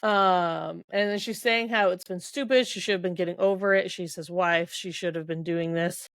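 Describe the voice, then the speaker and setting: A woman's voice: on the low side, steady tone, moderate pace, dry recording, clean studio sound. Chatty woman podcaster recapping a book. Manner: retells scenes, reads dialogue aloud, laughs often. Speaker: podcast host. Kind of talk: casual book-recap chat.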